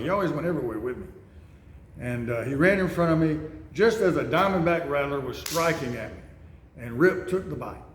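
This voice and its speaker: Guy rambling through bible stories, kinda high voice, echoey church, faint noise behind. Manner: rambling, conversational storytelling. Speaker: speaker. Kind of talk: storytelling sermon. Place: church building.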